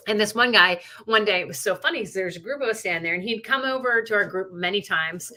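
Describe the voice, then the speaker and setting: A middle-aged woman co-hosting a podcast talks fast in a medium-pitched voice that sounds pushed and bright. Her casual storytelling rambles, sprinkled with lots of "likes" and "you knows."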